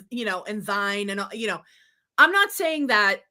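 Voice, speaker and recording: A woman's voice: mid-range voice, lively intonation, normal speed, bright, forceful tone. A woman co-hosting a casual spiritual podcast, explaining thoughtfully with some fillers, and reading a passage aloud. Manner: thoughtful, with many fillers and restarts, reads quotations aloud. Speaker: co-host.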